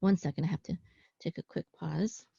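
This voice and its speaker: Halting woman teaching Hebrew, lo-fi. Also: lowish voice, vocal fry, warm tone, slightly rough, no room sound. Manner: halting, with frequent ums, self-corrections and "okay?" check-ins. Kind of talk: casual online class, explaining text on screen. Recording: dull lo-fi sound, dry close room.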